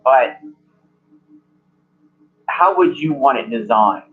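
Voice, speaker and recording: A man narrating as game master in a halting way, filling gaps with "like". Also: mid-range voice, expressive. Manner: halting, many "like" fillers. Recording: muffled lo-fi recording.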